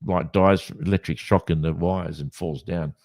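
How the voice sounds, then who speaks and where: Here a Western Australian podcast co-host speaks at a moderate pace in a voice that sits low. Chatting casually, this Australian man tells animated stories that ramble and restart repeatedly.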